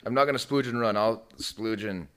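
A man's voice: lowish voice, a little fast, a bit bright. A man, a guest comedian, riffing and joking in a casual podcast chat, sometimes a little off the mic.

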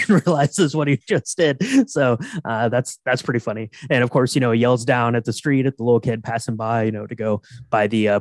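A man's voice: mid-range voice, no echo. A man co-hosting a podcast, loosely recapping a film's plot with lots of fillers and amused asides. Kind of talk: casual chat recapping a film.

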